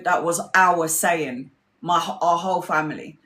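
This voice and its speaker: A woman's voice: on the low side, measured pace, a bit bright, echoey room. A woman tarot reader telling stories in casual livestream chat. She is blunt and chatty, swears freely and acts out her friends' lines.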